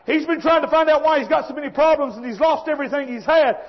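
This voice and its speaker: A man preaches with a very high voice, folksy and fervent, often breaking into shouts. The recording sounds dull and lo-fi. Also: quick pace. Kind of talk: fiery sermon.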